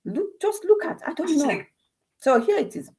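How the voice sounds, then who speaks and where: A woman's voice: high-pitched, big pitch swings, normal speed, a little mellow. A woman with a Nigerian accent giving an impassioned monologue, firing off rhetorical questions and restarting her sentences. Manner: rhetorical questions, many restarts, switches into Igbo. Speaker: commentator on a personal channel.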